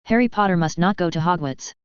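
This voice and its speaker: Woman doing a squeaky weepy house elf. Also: fast talker, clean tone, no room sound, lo-fi sound, close to an everyday voice. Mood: insistent. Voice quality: squeaky, ear-piercing.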